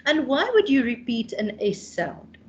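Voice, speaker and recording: A woman's voice: on the high side, big pitch swings, a little slow, a little mellow, dull audio. A South African woman in her thirties teaching a revision lesson, explaining patiently and calling on students by name. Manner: explains patiently, calls on students by name, tags questions with "hey?".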